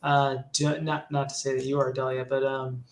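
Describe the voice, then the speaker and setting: A man's voice: mid-range voice, completely flat delivery, moderate pace. Thoughtful man in an echoey room. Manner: hedging, thoughtful. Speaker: guest. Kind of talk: casual livestream chat. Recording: echoey room, faint ambience.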